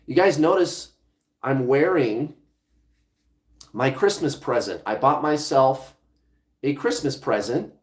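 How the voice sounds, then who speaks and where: A man's voice: mid-range voice, animated, slow pace, long pauses. A man talking as a law of attraction coach in a casual vlog monologue, conversational, restarting phrases and swearing now and then. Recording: echoey room.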